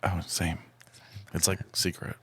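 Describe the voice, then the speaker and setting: A man co-hosting a podcast in casual chat, telling stories in an animated, jokey way and slipping into playful voices. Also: deep voice, measured pace, slightly rough, dry recording. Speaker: podcast co-host.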